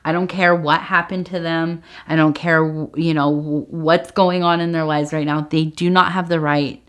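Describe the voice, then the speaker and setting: A woman with a low, fairly flat, somewhat bright voice signs off casually to viewers after a tea leaf reading, speaking at a moderate pace. She rambles and hesitates with many fillers, earnest and affectionate, close to tears.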